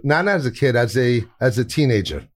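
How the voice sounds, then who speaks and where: Guest: New man, 50s, storyteller, loose and animated, laughs a lot, mid-pitched voice. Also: normal speed. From New York. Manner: animated, laughing, rambling with restarts. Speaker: cannabis chef guest. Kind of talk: casual storytelling interview.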